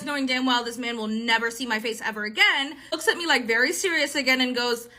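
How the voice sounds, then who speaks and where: A young woman with a high, bright voice tells a dating horror story. Her storytime is casual and animated, full of fillers and curses. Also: fast talker, hardly any pauses. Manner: animated, swearing, filler-heavy retelling.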